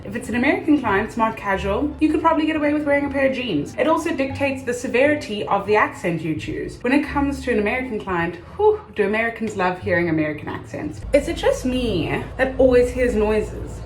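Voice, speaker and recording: A woman's voice: medium pitch, reverberant, rough recording. Chatty young woman vlogging at home. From South Africa. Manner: chatty, rambling, animated storytelling. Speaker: vlogger and actor. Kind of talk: casual vlog chat. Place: room at home.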